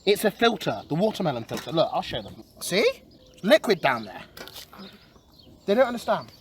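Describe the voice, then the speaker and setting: A young man chats excitably through an outdoor vlog, calling out to his viewers as boys. His pitch jumps around a lot, from low mutters to loud yells. A faint hiss sits under his voice from the camera mic. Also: normal speed. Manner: excitable, keeps addressing viewers as boys, swings from mumbling to yelling. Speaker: streamer. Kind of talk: casual vlog narration. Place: outdoor garden.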